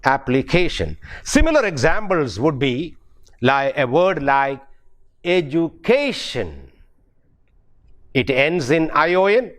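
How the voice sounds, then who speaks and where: Slow, lively-pitched Indian man lecturing. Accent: Indian English. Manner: spells words letter by letter, repeats key words slowly. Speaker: university English professor. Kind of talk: pronunciation lecture.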